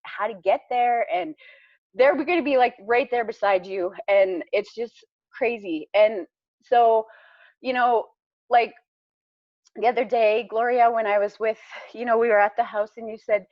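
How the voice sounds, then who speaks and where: Woman, slightly high voice, excited, rambling, laughing, dull dry audio. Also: a little slow, no room sound. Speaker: speaker on a group call. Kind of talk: casual chat.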